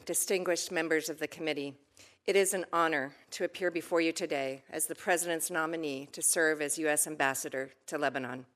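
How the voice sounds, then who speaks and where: A woman in her fifties from the United States, reading prepared testimony at a committee hearing in a measured, earnest way that turns emotional at times. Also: sits low, fairly bright tone. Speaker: ambassador nominee testifying.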